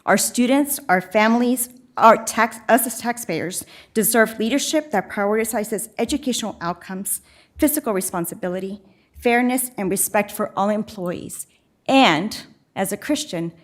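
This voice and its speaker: A woman's voice: medium pitch, measured pace. A woman reading a firm, critical public comment to a school board. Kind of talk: prepared public comment read aloud.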